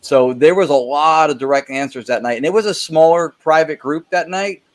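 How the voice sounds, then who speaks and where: A man's voice: a little high, normal speed. A man guest in a casual interview, explaining his investigations at length and with enthusiasm.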